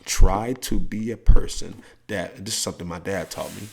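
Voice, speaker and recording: A middle-aged podcast host with a drawl delivers a fired-up motivational talk, blunt and full of profanity. His voice sits low but leaps upward when he presses a point. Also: moderate pace, vocal fry, slight background noise. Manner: blunt, profane street talk with animated pitch jumps. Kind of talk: motivational monologue.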